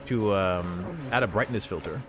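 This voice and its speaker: A man's voice: low-pitched, normal speed, music in the background. A man streaming a horror game live, reacting in an incredulous, exclamatory way.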